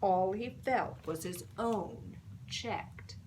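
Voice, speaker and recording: A woman storyteller reading a picture book aloud, slow and expressive, dropping to a whisper for suspense. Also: mid-range voice, noisy background.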